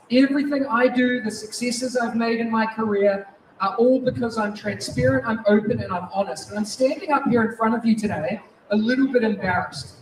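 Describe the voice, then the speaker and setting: A man in his forties from New Zealand with a New Zealand accent, giving a lively, restless conference keynote in a large hall. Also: extremely high pitch. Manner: lively, restless, moves around while talking. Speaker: keynote speaker. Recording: echoey hall, distant mic, faint noise.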